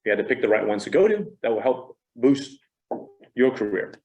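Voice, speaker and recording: A middle-aged man leads a casual training session for a roomful of agents. His pitch sits in an ordinary middle range, and his delivery is animated and conversational. He is easy and self-deprecating as he talks. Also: fairly quick, dull audio. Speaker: real estate trainer.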